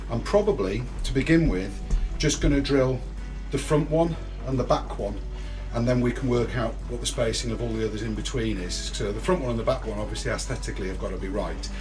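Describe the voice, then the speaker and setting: A man's voice: medium pitch, brisk, music in the background. A man, a vlog host patiently walking his son through a hands-on boat repair, one step at a time. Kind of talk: hands-on DIY explanation. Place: outdoors at a boatyard in light rain.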